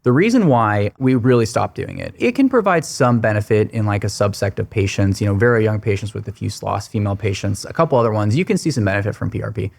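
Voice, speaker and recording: A man, a hair restoration surgeon, giving fast technical explanations in a podcast interview. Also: fairly low pitch, expressive, vocal fry.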